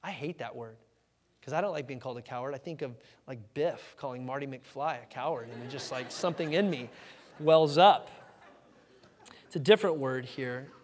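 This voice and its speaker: A man preaching a sermon in a lively, conversational way, acting out the voices in the story with sudden shouts. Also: medium pitch, normal speed. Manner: animated, conversational, acts out quoted voices with shouts. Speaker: pastor. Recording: hall reverb.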